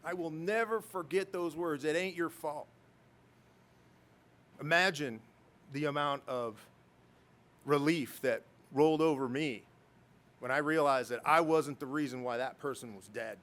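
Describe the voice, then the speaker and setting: A man's voice: a little high, normal speed, fairly bright tone. A middle-aged man, a military pilot, giving a storytelling speech at a ceremony with self-deprecating humor and chuckles. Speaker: guest speaker, military pilot.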